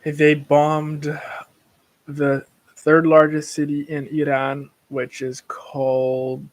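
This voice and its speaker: A man's voice: a little high, monotone, slow pace, poor audio. A tired man hosting a casual livestream, rambling and blunt, breaking into rants. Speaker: livestream host.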